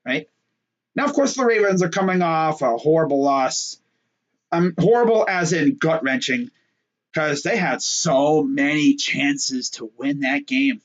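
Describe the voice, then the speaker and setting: Young male sports host, slightly high, loose and jokey, muffled home-mic sound. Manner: joking, rambling, fillers and trash talk. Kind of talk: casual solo sports talk.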